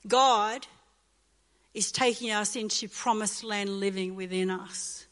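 A woman's voice: mid-range voice, steady tone, slow pace, a bit bright, in a large hall. A woman pastor in her fifties from Australia, preaching a sermon with impassioned, repetitive bursts of emotion. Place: church hall.

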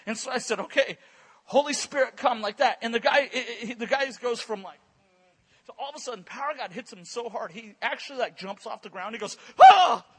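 Storytelling drives this sermon from a male guest preacher, whose voice is very high and bright with a husky edge. Animated at a church service, he stumbles through quick bursts of repeated words while gathering momentum.

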